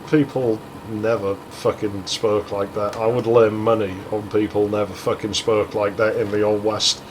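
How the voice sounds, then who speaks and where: A man's voice: fairly low pitch, slight background noise, low-quality recording. A man hosting a let's play, rambling in sardonic, sweary commentary. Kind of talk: rambling commentary over gameplay.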